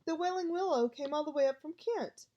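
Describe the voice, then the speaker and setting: A woman voicing a proud, touchy gentleman ghost who speaks stiffly and properly. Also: high voice, fairly quick, highs cut off, slight background noise, voice pushed up, natural voice.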